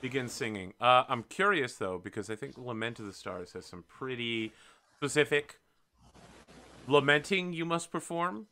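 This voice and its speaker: A man's voice: mid-range voice, expressive, moderate pace, pushed and bright. A man hosting and narrating a tabletop role-playing game as game master, in a chatty, self-deprecating way.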